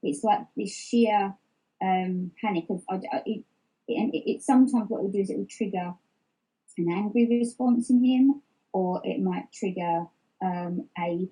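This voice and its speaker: A woman's voice: medium pitch, moderate pace, dark tone, husky, rough recording. A middle-aged woman speaking openly as an interview guest, reflective and candid, often restarting her sentences. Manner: reflective, open, many restarts and fillers. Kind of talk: open personal interview.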